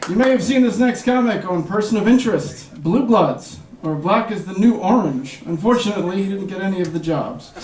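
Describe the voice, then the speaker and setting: A man's voice: high voice, expressive, a little fast, hardly any pauses. A man emceeing a comedy show, introducing the next act with upbeat, joking remarks. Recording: echoey room, distant mic, audience noise.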